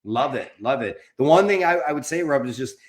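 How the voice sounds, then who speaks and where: A man's voice: medium pitch, animated, fairly quick. A man in his forties, a podcast guest, talking candidly and rambling a bit, swearing casually. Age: 40s. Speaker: podcast guest, documentary producer. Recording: roomy echo.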